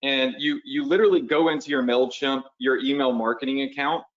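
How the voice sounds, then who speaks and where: Male online coach, casual webinar walkthrough, ordinary pitch, somewhat muffled lo-fi sound. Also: steady tone, a little fast. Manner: casual, talks the viewers through steps while drawing on screen; conversational, uses "y'all" and "right?". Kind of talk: live webinar teaching. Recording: slightly dull lo-fi webinar audio.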